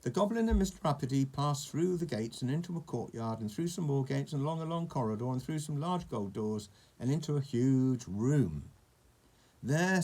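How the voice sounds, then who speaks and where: A man's voice: medium pitch, dark tone. A man reading a children's storybook aloud, with chatty asides to a young listener about the pictures.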